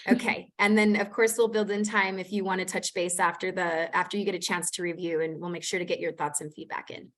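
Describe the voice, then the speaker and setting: A woman city planner runs a community committee meeting over a video call. She talks in a chatty, easygoing way and fills her pauses with frequent ums. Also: on the low side, little pitch movement. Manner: warm, chatty, many "um"s. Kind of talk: online meeting facilitation.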